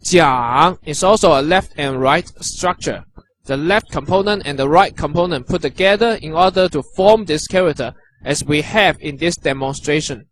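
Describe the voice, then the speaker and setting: A man teaching characters and their pronunciation, patient and encouraging, repeating each sound slowly. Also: on the high side, a bit bright, slight background noise. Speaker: language teacher. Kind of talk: instructional narration.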